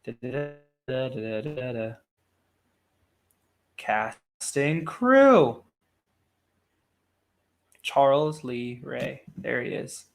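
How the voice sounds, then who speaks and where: A man co-hosting a casual react chat, excited and halting, with lots of fillers. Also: medium pitch, creaky. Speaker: co-host.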